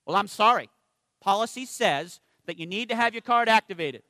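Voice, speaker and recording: A man's voice: high-pitched, lively intonation, normal speed, pushed and bright, dry recording. A male preacher quoting a weary young woman cashier who is firm about the rules, speaking curtly and dismissively. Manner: curt and dismissive.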